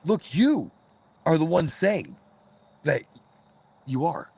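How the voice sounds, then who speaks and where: A man's voice: a little high, very animated, slow, vocal fry, darkish tone, breathy edge, no echo. A man hosting a casual chat, talking loosely and rambling with lots of swearing. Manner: loose, profane, rambling storyteller. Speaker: host.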